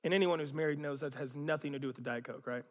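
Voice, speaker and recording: A pastor preaches in a church sanctuary, his fairly high voice moving rapid-fire with fairly even intonation. He tells his stories conversationally with self-mocking humor, and a long hall reverb surrounds him.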